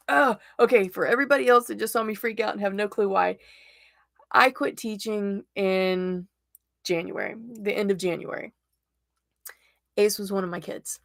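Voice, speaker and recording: A young adult woman hosting a casual livestream tarot reading, chatty and excitable, laughing often. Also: mid-range voice, moderate pace, vocal fry, pauses often, no echo, clean studio sound. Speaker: tarot reader and livestream host.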